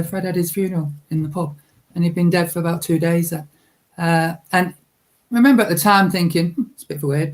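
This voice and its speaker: A woman's voice: lowish voice, a little mellow. A woman, a guest psychic medium, recounting a personal memory in a heartfelt, reflective way on a radio interview. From England.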